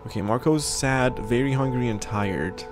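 Over music, a man of medium pitch and normal speed gives casual, jokey let's play commentary as a gaming video creator. He talks back to the characters and reads the game text aloud.

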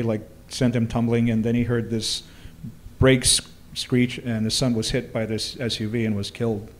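This ghost tour guide and storyteller has a Hawaiian accent and a mid-range, somewhat dark voice. Chatting casually in a bar during a live recording, he spins ghost-tour tales in a relaxed, dryly funny way.

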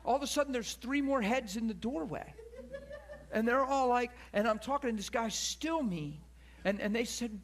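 Male preacher, husky and higher-pitched, animated sermon storyteller who drops into whispers. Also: normal speed. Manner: animated storyteller, acts out quoted voices, drops to soft whisper at emotional moments.

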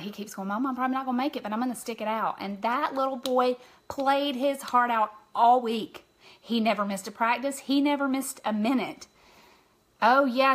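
Hosting a casual makeup livestream, a woman chats openly and greets viewers by name as she goes. Her voice sits on the high side with a fairly bright tone, and she's emotional and open about her feelings.

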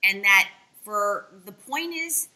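Woman talk-show host, bright, emphatic, encouraging. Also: medium pitch, expressive, takes it slowly, rough recording. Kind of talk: casual interview talk.

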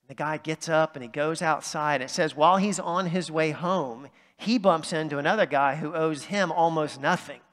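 Speaking at normal speed with few pauses, a male pastor delivers a conversational sermon in a church sanctuary, peppering it with asides like "right?". His voice is on the high side and a bit bright, with a long reverb tail.

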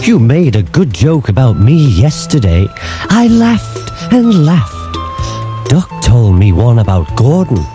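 A man's voice: medium pitch, wildly swooping pitch, takes it slowly, music in the background. A man voicing a sly, scheming male diesel engine who talks with smarmy false politeness. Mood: sneaky.

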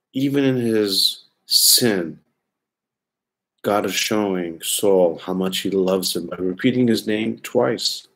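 Slow low-voiced guy preaching, earnest, pleading, repeats stuff for emphasis. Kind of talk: sermon lecture.

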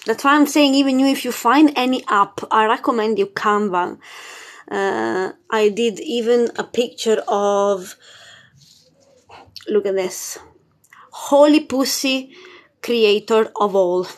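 A woman's voice: a little high, slow pace. A woman hosting a casual spiritual live stream, bubbly and chatty, laughing often and swearing casually. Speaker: spiritual livestream host.

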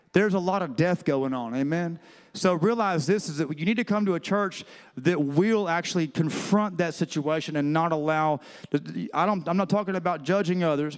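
Male pastor, high clear voice, conversational preaching in a reverberant church hall. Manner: conversational preaching, calls to the congregation. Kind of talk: sermon. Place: church sanctuary.

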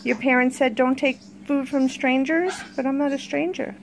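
A woman with a high, light voice coos at her pets in a sing-song way while she feeds them. She chats casually to the people watching her vlog between the animal talk. Birds squawk loudly behind her in a noisy home recording. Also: steady tone, normal speed. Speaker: vlogger feeding her pets. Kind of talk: casual chat to pets and viewers.

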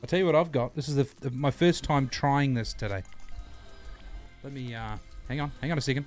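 A man's voice: medium pitch, a little fast, a little mellow, faint music behind. A man hosting a casual livestream, bantering crudely, greeting his chat and repeating himself as he plays. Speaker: livestream host.

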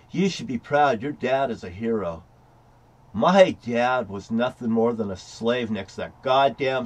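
An older man ranting, heated and profane, swinging between loud outbursts and low mutters. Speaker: vlogger. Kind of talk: angry rant to camera.

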